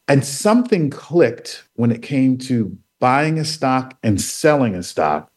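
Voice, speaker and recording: A man of ordinary pitch tells his own story as a radio guest. He brings it to life by acting out the people he quotes. His voice lifts sharply whenever he plays himself getting excited. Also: measured pace, hardly any pauses.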